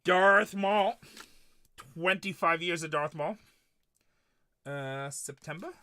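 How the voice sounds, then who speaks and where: A middle-aged man hosts a live card break, joking around and ribbing his viewers one by one. His voice sits a little high and comes across bright and punchy. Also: slow pace. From Texas. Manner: joking, trash-talking, teasing viewers by name. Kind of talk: live stream casual chat while opening cards.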